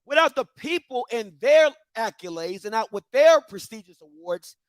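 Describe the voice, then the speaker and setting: High-voiced man ranting with emphatic questions. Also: expressive, normal speed, dry recording. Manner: emphatic, repetitive rhetorical questions, mock-voices others. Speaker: commentary show host. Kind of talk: passionate opinion rant.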